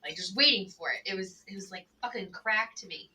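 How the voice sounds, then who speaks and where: A woman's voice: medium pitch, a little fast, sharp tone, distant mic, low-quality recording. A woman casually telling friends a long story in a rambling way, filling her talk with "like", her voice a little away from the microphone. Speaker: tabletop game player.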